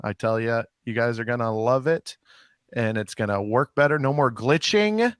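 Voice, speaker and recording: A man's voice: medium pitch, normal speed, smooth, no room sound. A man with a mid-range voice, recorded dry and close. He co-hosts a comedy podcast, rambling wryly and poking fun at himself. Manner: wry, self-deprecating, rambling with fillers. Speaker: podcast co-host. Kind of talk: casual comedy podcast chat.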